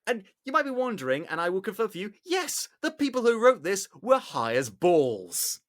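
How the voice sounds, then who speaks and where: An English man hosting a podcast, chatting casually with a lively, swooping voice. He tells stories with animation and acts out bits loudly. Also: high-pitched, moderate pace. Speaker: podcast host. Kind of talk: casual chat.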